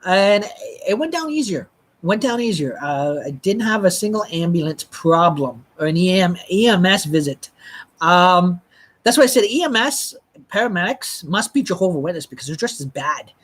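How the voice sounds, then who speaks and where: A live streamer telling a personal story in a rambling, halting way, with frequent restarts and blunt swearing. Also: mid-range voice, big pitch swings, fairly bright tone, slightly rough.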